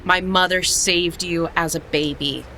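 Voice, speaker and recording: A woman's voice: fairly low pitch, steady tone, a little slow, creaky, sharp tone, a little hiss or hum, full character voice. Sara: a woman voicing an earnest young heroine. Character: earnest young woman warrior-mage, determined and protective.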